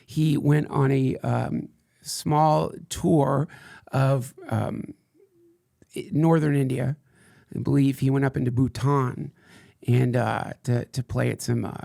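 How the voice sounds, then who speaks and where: A man's voice: mid-range voice, creaky, a little mellow, no echo, clean studio sound. A man hosting a podcast in casual chat, loose and meandering with playful jokes. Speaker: podcast host.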